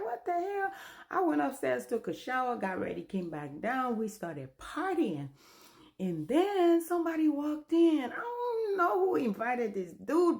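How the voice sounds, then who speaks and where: A woman with tells a personal story in a casual vlog. She is chatty and animated and acts out the people in it as she goes. Her voice sits at an ordinary middle pitch. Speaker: storyteller vlogger.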